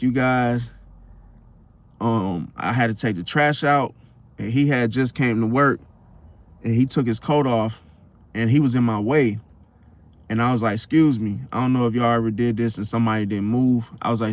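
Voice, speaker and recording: A young man, casually telling a personal story in slangy, animated talk. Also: mid-range voice. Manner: slangy, animated retelling, acts out quotes.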